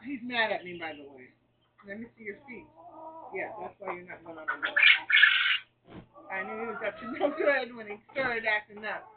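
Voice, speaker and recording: A woman's voice: medium pitch, expressive, moderate pace, pauses often, a crowd in the background. A woman chatting casually about her chickens at home, coaxing and scolding the birds as she goes. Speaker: backyard chicken keeper. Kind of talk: casual vlog chat. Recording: tinny, distant, noisy with clucking chickens. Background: chickens clucking.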